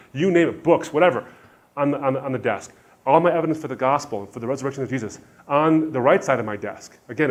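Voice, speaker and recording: Animated middle-aged man telling his testimony. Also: mid-range voice. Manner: animated storytelling, acting out dialogue. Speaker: Christian speaker. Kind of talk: personal testimony talk.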